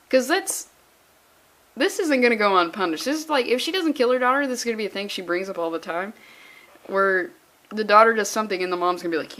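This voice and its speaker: A woman's voice: medium pitch, a bit bright. A young woman reviewing a comic book in a casual vlog, sarcastic and profane, rambling as she talks.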